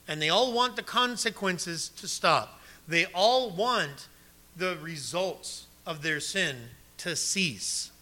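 Bright-voiced preaching male pastor. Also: lively intonation, slow. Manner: emphatic preaching, drops low and soft on key words. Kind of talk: sermon.

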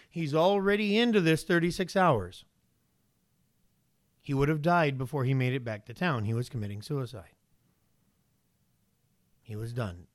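A man preaching a casual sermon, telling Bible stories in an animated way with casual slang. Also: fairly high pitch, no echo, clean studio sound.

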